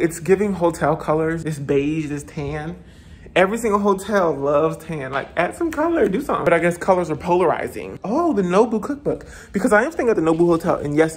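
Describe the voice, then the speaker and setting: Chatty gushing man touring a hotel room. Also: on the high side. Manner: chatty, gushing, exclamatory, talks to viewers as "girl" and "y'all". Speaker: travel vlogger. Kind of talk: casual hotel room tour vlog.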